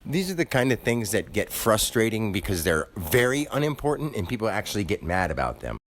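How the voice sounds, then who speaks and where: Agitated low-voiced man ranting. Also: very animated, fairly quick, dry recording. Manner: agitated, preachy, voice rising when worked up. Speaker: store clerk. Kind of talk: ranting monologue to camera.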